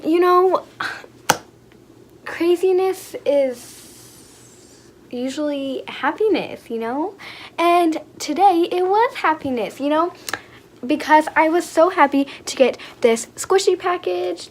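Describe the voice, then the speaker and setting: Brief: gushing young female vlogger, high voice, slow unhurried delivery, faint noise behind. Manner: gushing, excitable, many fillers and gasps. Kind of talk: squishy unboxing vlog.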